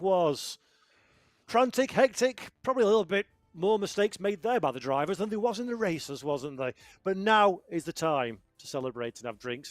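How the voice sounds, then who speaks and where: Male lead commentator, slightly high voice, brisk and upbeat, dry close mic. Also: no echo. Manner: upbeat, brisk, hands off segments. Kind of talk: esports broadcast commentary.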